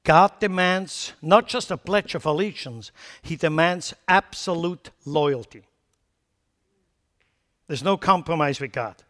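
A man preaching a sermon emphatically, swinging between loud declarations and quiet asides, blunt and scornful toward foolish ideas. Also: fairly high pitch, slow.

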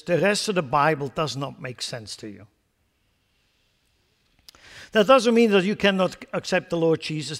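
A male pastor preaching a sermon, animated and putting questions to his congregation. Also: high-pitched, long reverb tail.

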